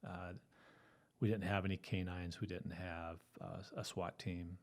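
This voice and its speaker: A middle-aged man recounts his police days in an easygoing, chuckling way. His voice sits fairly low, and he fills his pauses with ums and uhs. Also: level tone, darkish tone. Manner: easygoing storytelling, often laughing, with fillers. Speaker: guest, retired police officer. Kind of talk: telling his story in an interview.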